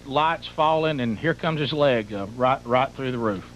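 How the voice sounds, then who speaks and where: A man's voice: medium pitch, normal speed. A middle-aged man, hosting a radio show and telling a comic story in a rambling, exaggerated way that piles up details. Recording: muffled broadcast with faint hum.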